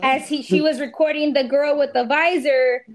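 A woman's voice: high voice, steady tone, normal speed. A woman co-hosting a podcast in casual chat, telling a story and acting out the quotes. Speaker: podcast co-host.

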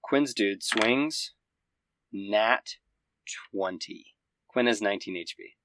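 A man narrating as game master, giving quick, vivid play-by-play of a fight. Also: on the low side, a bit bright.

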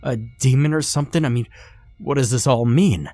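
A man voicing a frightened young male student who talks quickly and stammers in panic. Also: mid-range voice, lively intonation, husky, dry recording, faint music behind. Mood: terrified.

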